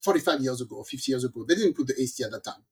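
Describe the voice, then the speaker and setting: A woman from the Caribbean hosting a podcast, telling a story in a lively, casual way and acting out the people in it. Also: rumbling low, racing, slightly rough. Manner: animated storyteller, acts out quoted voices. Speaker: podcast host.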